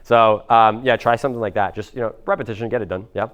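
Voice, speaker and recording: Young man, Miami accent, rapid talk, smooth clear voice, casual profane seminar coaching. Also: on the low side, fairly even intonation, a bit bright. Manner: casual, profane, fast, many fillers like "like" and "bro". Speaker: business coach. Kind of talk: live seminar talk to an audience.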